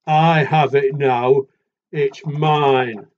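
A man voicing a big, grumpy, possessive picture-book animal that talks slowly and loudly. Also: mid-range voice, steady tone, highs cut off. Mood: blustering. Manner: loud, slow and blustering.

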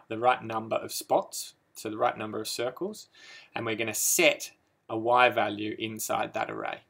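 A man's voice: mid-range voice, creaky, bright, forceful tone. A man walking through code in a casual screen-recorded tutorial, hesitant with many ums and restarts. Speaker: coding tutor.

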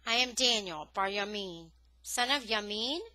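A woman's voice: medium pitch, unhurried, pushed and bright, dry recording. A woman reading the lines of a sullen, defiant young male rebel in a storybook.

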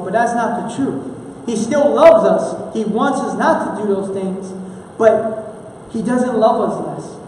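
Very high yet darkish in tone, the voice belongs to a Houston, Texas pastor preaching earnestly and conversationally in church, often starting sentences over. A far-off mic catches the echoey hall and slight background noise.

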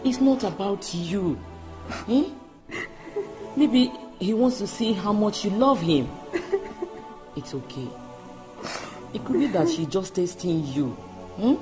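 An actress with a Nigerian accent playing a mother who calms her crying daughter. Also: medium pitch, over music. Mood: soothing. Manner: soothing, slow.

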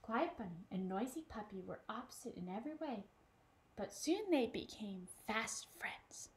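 A woman who is a children's librarian, reading a picture book aloud in an animated way and asking questions of a child listener. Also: medium pitch, moderate pace.

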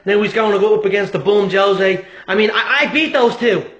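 A man's voice: sits high, fairly quick, a bit bright, roomy sound, highs cut off. A man impersonating a brash, boastful male fighter who swears and trash-talks. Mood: cocky.

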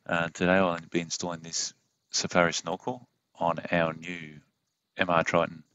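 A man with an Australian accent giving a casual step-by-step car install tutorial as a voiceover, in a self-described monotone with plenty of fillers. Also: deep voice, clear, resonant tone, no room sound, dull audio. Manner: monotone, plain and unhurried, with fillers. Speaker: DIY car install host. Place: home studio voiceover.

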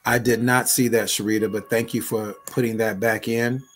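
A man's voice: lowish voice, little pitch movement, normal speed, soft background music. A middle-aged man, a bishop and online pastor, speaking in an emphatic, conversational way on a live prayer broadcast and repeating his phrases.

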